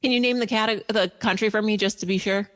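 A woman's voice: mid-range voice, steady tone, quick pace. A woman hosting a casual podcast game night, playfully announcing answers and scores. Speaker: game show host. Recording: long reverb.

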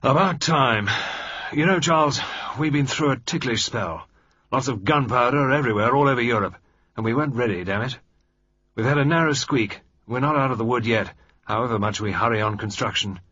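A bluff old sea-dog of an air marshal, as a husky-voiced male narrator puts him on, speaking up high and loud with gruff, hearty bluster. The reading is dry and a little muffled. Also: a little fast. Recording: slightly muffled dry recording.

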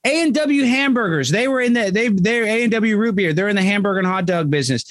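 A man's voice: high voice, lively intonation, fast talker, fairly bright tone, dry recording, clean studio sound. A man talking as a guest on a casual podcast, rambling and emphatic, his voice jumping up when he gets worked up.

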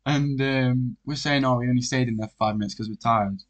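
A man's voice: medium pitch, fairly quick, muffled recording. A young man, a podcast guest telling a story in casual chat and acting out what people said. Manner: animated, acts out quotes, laughs often.

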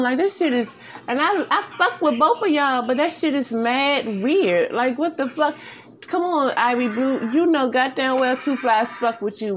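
A woman on a live stream, bluntly scolding the chat and swearing heavily. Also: high voice. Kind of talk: casual live-stream rant. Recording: dull lo-fi audio with faint noise.

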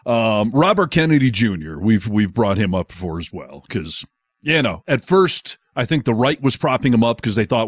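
A man's voice: mid-range voice, brisk, no echo. A man co-hosting a casual comedy podcast, reading news with sarcasm and frequent laughs. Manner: animated, sarcastic, laughs often. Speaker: podcast co-host.

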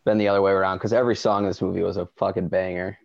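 A man's voice: low-pitched, little pitch movement, racing, gravelly, no echo. A man co-hosting a podcast, blunt and profane in casual chat, on a dull lo-fi recording. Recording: dull lo-fi sound.

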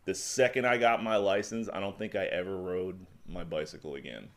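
This young podcast co-host speaks briskly in a low voice during casual chat. He comes across blunt and sardonic, tossing out dry jokes.

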